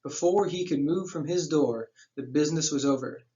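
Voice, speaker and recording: A man's voice: fairly high pitch, normal speed, mellow, dull audio. Man reading a novel aloud, then explaining. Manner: stops reading to explain the plot in plain slang.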